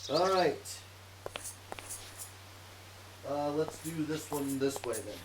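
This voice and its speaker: A streamer playing a modded block game in VR keeps up chatty let's-play commentary, humming tunelessly to himself as he works. His voice is fairly high and a little slow, and the distant, roomy mic carries clear noise.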